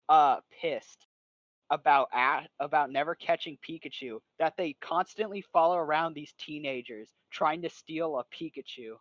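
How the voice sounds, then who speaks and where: A young man rambles through a casual podcast chat, full of "like" and restarts. His voice sits a little high, and the sound is close and dry with no room in it. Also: a bit bright, no room sound, low-quality recording. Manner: rambling, filler-heavy, bursts into silly voices. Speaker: podcast co-host.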